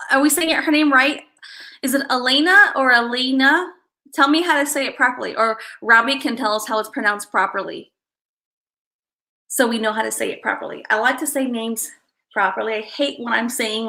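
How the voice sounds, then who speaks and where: Bright, chatty woman hosting a livestream. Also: a little high, moderate pace, gravelly, low-quality recording. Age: adult parent. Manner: chatty and rambling, greets viewers by name. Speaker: livestream host. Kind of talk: casual livestream chat.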